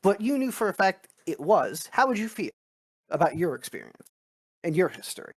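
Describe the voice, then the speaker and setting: A man's voice: sits high, big pitch swings, moderate pace. A man playing a stern male political officer in a tabletop role-play, speaking formally and lecturing his comrades. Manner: formal, pedantic, debating. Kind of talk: in-character role-play chat.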